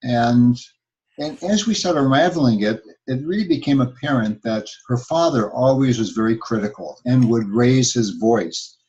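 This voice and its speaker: A man's voice: medium pitch, animated, moderate pace, darkish tone. Man counselor in a dull lo-fi recording. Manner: thoughtful, with many fillers. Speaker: couples counselor, co-host. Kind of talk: advice talk.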